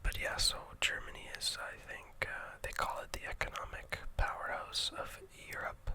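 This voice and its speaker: Softly whispering in a Canadian accent, the host guides listeners on a calm ASMR tour of a map, taking her time and hesitating gently, with fillers sprinkled in.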